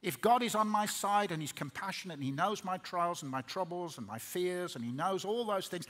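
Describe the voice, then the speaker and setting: A man's voice: sits high, fairly bright tone. A middle-aged man preaching a sermon in earnest, repeating words as he builds up. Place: large hall.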